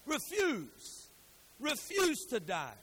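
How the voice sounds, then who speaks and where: A man preaching a sermon, dropping to quiet storytelling and rising to loud, emphatic exhortation with repeated phrases. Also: extremely high pitch, huge pitch swings, very slow, slightly rough.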